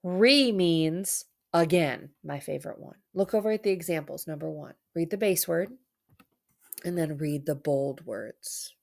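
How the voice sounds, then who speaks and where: A woman's voice: low voice, measured pace, vocal fry. A woman teacher giving an online reading lesson for children, playful and theatrical, with dramatic mock sadness.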